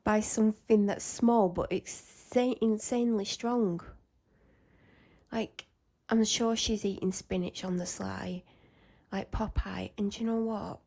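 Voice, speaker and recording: A woman's voice: mid-range voice, steady tone, unhurried, vocal fry, darkish tone. A young woman rambles anxiously in a casual vlog chat, often interrupting herself. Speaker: vlogger.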